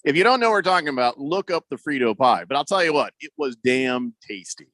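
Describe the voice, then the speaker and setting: A man's voice: medium pitch, lively intonation, a bit bright, no echo. Upbeat male sports radio host. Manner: reads listener texts aloud, quick asides and chuckles. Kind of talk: casual sports radio banter. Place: radio studio. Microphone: studio microphone.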